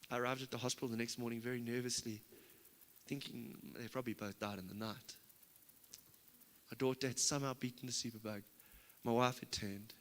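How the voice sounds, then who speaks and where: A middle-aged man preaches, telling his own story with raw intensity. His voice climbs loud and drops to near-hushed, sitting in a mid range. A long reverb trails off each phrase, as in a large church hall. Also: medium pitch, steady tone, a little fast, pauses often. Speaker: pastor. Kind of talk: sermon testimony.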